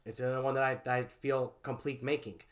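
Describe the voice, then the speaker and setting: A man chats in a relaxed vlog at an ordinary middle pitch. His sentences drift and trail off as he thinks back. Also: fast. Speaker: co-host of a web show vlog. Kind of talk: casual conversational storytelling.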